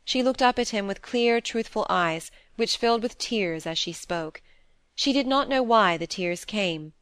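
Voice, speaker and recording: A woman narrating a classic novel in a calm, measured storytelling voice. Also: mid-range voice, smooth, no room sound. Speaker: audiobook narrator.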